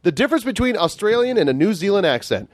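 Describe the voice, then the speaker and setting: A man's voice: high-pitched, big pitch swings, quick pace, dry recording, clean studio sound. A man hosting a podcast, chatting casually and reading out listener tweets, swearing freely. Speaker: podcast host. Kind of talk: casual chat.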